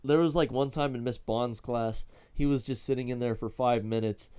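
A man's voice: mid-range voice, fairly even intonation, normal speed, warm tone, smooth. Young man, podcast co-host, laid-back, casual storytelling, swears. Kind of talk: casual chat.

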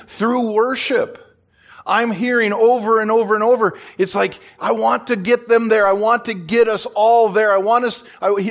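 A man, a pastor, preaching a sermon in an animated way and joking with his congregation. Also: high-pitched. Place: church.

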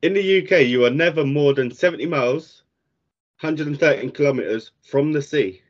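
A man's voice: fairly high pitch, moderate pace. A young man, chatting casually and chipping in with bits of trivia. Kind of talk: casual chat. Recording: dull lo-fi audio.

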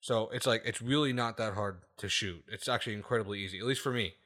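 A man's voice: lowish voice, fast, fairly bright tone. A man hosting a casual podcast, ranting emphatically with lots of swearing and repeated "okay?" checks. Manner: profane, laughs at his own points.

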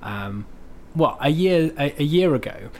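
Thoughtful man, halting speech. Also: a little high, expressive, darkish tone. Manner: thoughtful, hesitant, many restarts. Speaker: podcast guest. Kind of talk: casual chat on faith.

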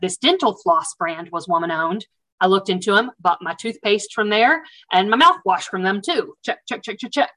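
A woman telling a personal story as an interview guest in a casual, animated and chatty way, amused at herself. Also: medium pitch, moderate pace, low-quality recording.

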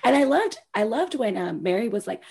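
A woman co-hosting a casual chat about reality TV, excitable and laughing often, with a slightly husky voice. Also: on the high side, brisk. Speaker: podcast co-host.

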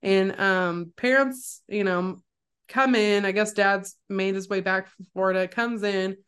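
A woman's voice: measured pace, smooth. A young woman co-hosting a podcast, casually retelling a horror film scene by scene and acting out the quotes. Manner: animated storyteller, acts out quotes with jumps in pitch. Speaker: podcast co-host.

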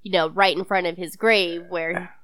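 A woman's voice: on the low side, fairly even intonation, normal speed, fairly bright tone, no room sound. A woman in a casual chat, patiently explaining the story to the others.

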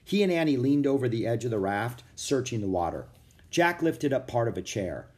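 A man narrating a children's chapter book aloud in a steady, expressive reading. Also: mid-range voice, normal speed. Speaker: audiobook narrator. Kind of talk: storybook read-aloud.

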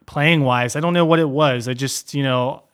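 A man's voice: medium pitch, moderate pace, fairly bright tone, smooth. A young man co-hosting a podcast in casual chat, rambling with many fillers and repeated words. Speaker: podcast co-host.

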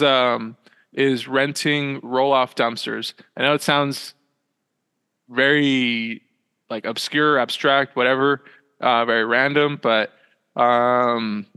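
A young man, a small business owner talking from home as a podcast guest, in a halting, rambling way full of fillers and self-corrections. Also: mid-range voice, pushed and bright, clean tone, long reverb tail. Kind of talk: casual interview chat. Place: small room at home with a loft bed.

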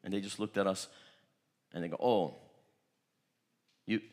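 Animated man preaching a sermon. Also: low voice, fast talker. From Turkey. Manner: animated storytelling, repeats words. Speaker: pastor. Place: church.

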